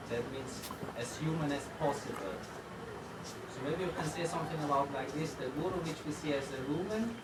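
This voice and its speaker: A man in the audience asking a question with careful, halting phrasing. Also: a little high, reverberant, recorded from a distance, heavy background noise.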